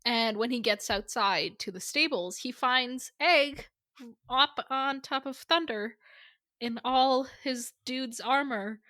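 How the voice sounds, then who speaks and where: A woman's voice: high-pitched, slow, sharp tone, dry recording. Giggly woman recapping a book. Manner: giggly, acts out characters' lines while retelling. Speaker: podcast co-host. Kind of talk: casual book recap chat.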